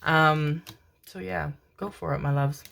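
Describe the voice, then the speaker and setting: Lady doing a pick-a-card tarot reading, lowish voice, super sweet and gushy with the viewers, swears a bit. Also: steady tone, measured pace, creaky, a bit bright. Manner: affectionate, constantly calls viewers "my loves" and "my babies"; swears casually, laughs often. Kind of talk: casual tarot reading to camera.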